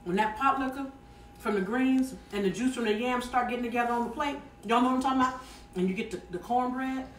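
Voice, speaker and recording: A woman's voice: on the high side, fast. A woman with a Southern American accent hosting a live cooking stream, folksy and chatty, talking straight to her viewers and reading their comments aloud. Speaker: cooking show host. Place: home kitchen. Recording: roomy kitchen audio, mic set some distance away.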